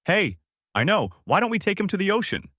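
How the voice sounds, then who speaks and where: A man's voice: high-pitched, sing-song, a little fast, a bit bright, no room sound, clean studio sound, voice pushed up, exaggerated voice. A man voicing a cheerful, naive and very strong young boy in a fan-made story, speaking eagerly and a bit cheekily.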